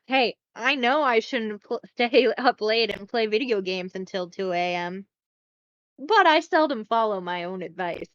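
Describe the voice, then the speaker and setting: A woman's voice: a little high, unhurried, clear, resonant tone, dry recording, lo-fi sound. Chatty, profane woman podcast host. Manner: chatty, profane, animated retelling. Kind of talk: casual podcast recap.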